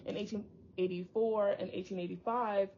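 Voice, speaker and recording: Reading and commenting on a book, this young woman speaks at a normal pace in a steady, mellow mid-range voice. Hard words trip her up, and she wanders off into chatty tangents. There's a little hiss or hum in the dull, lo-fi recording.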